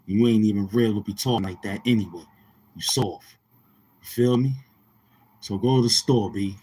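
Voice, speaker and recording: Low-ish and a little mellow, a man's voice rambles through taunting street-talk commentary for his channel. The vlogger keeps repeating himself, his delivery thick with slang.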